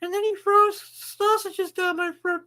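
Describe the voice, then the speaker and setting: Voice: very high-pitched, steady tone, unhurried, pushed and bright, pitched above the performer's own voice, heavily acted. A woman voicing a greedy, whiny pet dog who complains and swears as it begs for treats. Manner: complaining, foul-mouthed.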